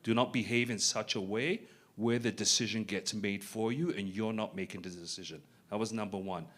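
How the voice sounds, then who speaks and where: A man's voice: on the low side, steady tone, moderate pace, a bit bright. A middle-aged man speaking at a panel event, telling a personal story in an earnest, reflective way.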